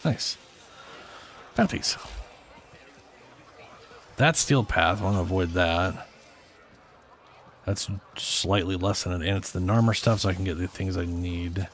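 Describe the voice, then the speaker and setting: A man's voice: low-pitched, slow pace, pauses often, a little hiss or hum. A man streaming a game, giving laid-back, mumbled commentary to himself. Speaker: gaming streamer. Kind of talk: casual gameplay commentary.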